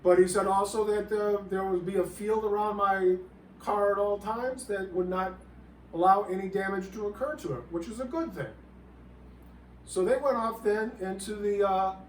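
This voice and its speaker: A man with a fairly high voice delivers a comedic monologue, rambling and halting and politely calling his listener sir. He sits well back from the microphone in a roomy, echoing space, with a faint ambient hum behind him. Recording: roomy, distant mic, faint background ambience.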